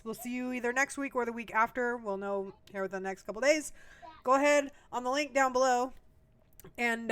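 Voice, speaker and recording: A woman with a fairly high voice hosts a live-streamed podcast. She sounds upbeat and teasing, chatting loosely with her co-host and viewers. Her sign-off patter is casual and friendly. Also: fairly bright tone, clear, resonant tone.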